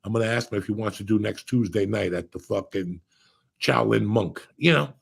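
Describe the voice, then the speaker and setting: A man telling stories in a casual chat, profane and rambling, with a gravelly, raspy voice. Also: lowish voice, normal speed. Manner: profane, storytelling. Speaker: podcast host.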